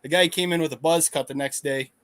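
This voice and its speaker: Casual man, a bit high-pitched, laid-back crude banter. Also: steady tone, quick pace, fairly bright tone. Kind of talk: casual podcast chat.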